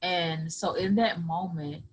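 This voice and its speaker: A woman's voice: lowish voice, steady tone, takes it slowly, low-quality recording. A woman guest on a podcast, telling her own story earnestly and acting out other people's words in dialogue. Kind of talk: personal storytelling.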